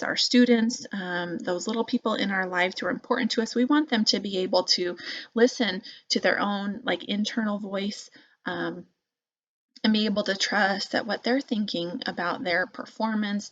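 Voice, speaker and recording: A woman's voice: mid-range voice, no room sound. Casting: woman teacher, conversational advice talk, dry muffled recording. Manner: conversational, many fillers, acts out lively example phrases. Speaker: teacher giving parenting advice. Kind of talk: casual explanatory talk.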